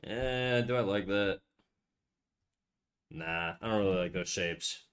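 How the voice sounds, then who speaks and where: A man's voice: deep voice, slow pace, a bit bright. Laid-back, foul-mouthed young male streamer. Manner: laid-back, swears a lot, reads chat aloud. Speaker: live-stream artist. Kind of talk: casual live-stream chat while drawing. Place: his apartment, untreated room. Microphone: USB condenser desk mic.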